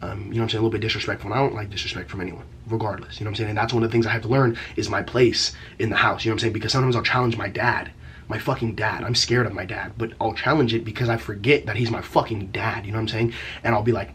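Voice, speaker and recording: A man's voice: lowish voice, fairly even intonation, racing, a bit bright, slight background noise. A young man telling a story from his teen years in a casual vlog, rambling and profane, packed with slang fillers. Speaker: vlogger.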